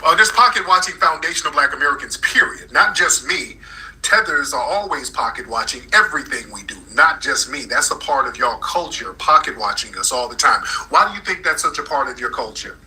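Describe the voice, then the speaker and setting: A man's voice: on the high side, lively intonation, fairly quick, bright, forceful tone, poor audio. A man hosting a live call-in talk room, combative and repeating his points insistently.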